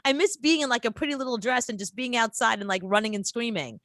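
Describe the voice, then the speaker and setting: A woman's voice: fairly high pitch, quick pace, dry recording. A woman co-hosting a casual radio talk show, telling stories expressively and laughing. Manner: expressive storyteller, laughing, acting out quotes.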